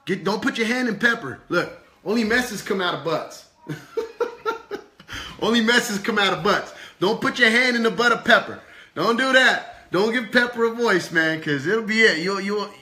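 Preacher guy, keeps asking do you not understand, bright higher voice, echoey room. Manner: repetitive rhetorical questions, casual slang. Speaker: preacher and teacher. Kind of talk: informal sermon with a puppet.

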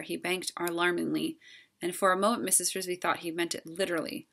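A woman reading a children's novel aloud in a calm, steady storytelling way. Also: lowish voice, a little fast, creaky. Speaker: storybook reader.

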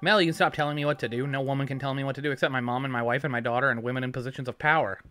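A man's voice: medium pitch, steady tone, racing, bright, forceful tone, a little hiss or hum. A tired man streaming a game at home, joking, swearing a lot and reading chat messages aloud. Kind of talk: casual let's-play chat.

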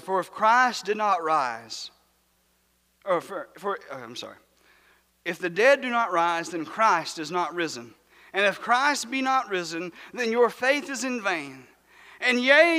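A man preaching a sermon as pastor, in a rhythmic cadence that swells to shouts and sinks to a hush. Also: high voice, sing-song, slow. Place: church sanctuary. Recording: long church hall reverb.

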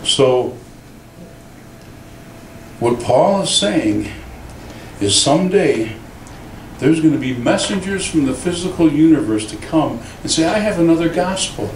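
A man, a pastor, preaching a sermon in an animated, storytelling way in a church. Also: fairly high pitch, slow, long pauses, a little hiss or hum. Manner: animated storytelling with acted quotes. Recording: roomy church sound from a distant mic.

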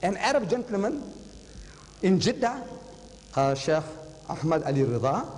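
A man's voice: high-pitched, very animated, a little slow, a little mellow, in a large hall, low-quality recording. An older man telling a story in a public lecture to a live audience, dramatic and repeating phrases for emphasis. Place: lecture hall.

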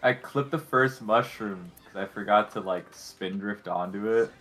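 A young man chatting casually while racing in a video game, excitable, swearing often and breaking into laughter. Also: on the low side, moderate pace. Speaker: gamer.

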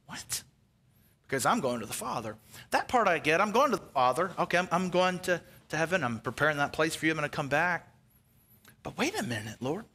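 A male pastor preaching a sermon, animated, acting out the Bible's dialogue and now and then dropping to a near-whisper. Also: on the high side, fast talker.

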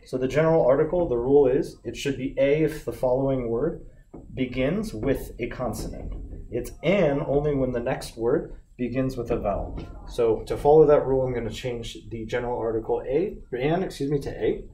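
A man teaching an English grammar lesson, patient and methodical, who often stops to fix his own small slips. His voice is mellow and sits at an ordinary pitch. The recording sounds roomy, with a faint hiss underneath. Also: moderate pace. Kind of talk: explaining grammar corrections. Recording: echoey room with faint background noise.

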